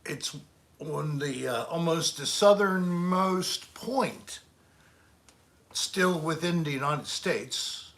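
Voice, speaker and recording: Slow-talking bright-voiced male host. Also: a little high. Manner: joking, plays bad accents on request. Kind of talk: casual livestream chat.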